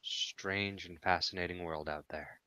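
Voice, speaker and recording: A man's voice: low-pitched, fairly even intonation, unhurried, bright, forceful tone, clear, resonant tone, no echo. A man playing a tabletop role-play game, switching between narrating and speaking in character. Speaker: tabletop player.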